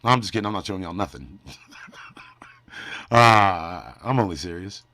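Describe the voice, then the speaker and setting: A man's voice: sits low, animated, normal speed, bright, forceful tone, no room sound. A man hosting a casual livestream, joking and teasing his chat, often trailing off into mumbles. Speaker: livestream host.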